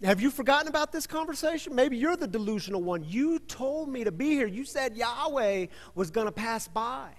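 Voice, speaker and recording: Exasperated male prophet, put on by a man, high and strained, pleading, long reverb. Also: expressive, normal speed, hardly any pauses.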